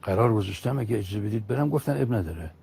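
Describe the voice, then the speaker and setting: Gravelly, rapid-fire man on a broadcast. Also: lowish voice, expressive, dark tone. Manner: sarcastic, joking delivery. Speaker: television guest. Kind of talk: mocking talk on a state TV broadcast.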